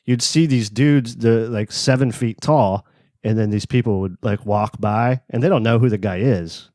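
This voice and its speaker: A man's voice: on the low side, moderate pace, a little mellow, no room sound, studio quality. Laid-back man on a podcast. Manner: laid-back, swears casually, acts out quotes. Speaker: podcast co-host. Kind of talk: casual chat.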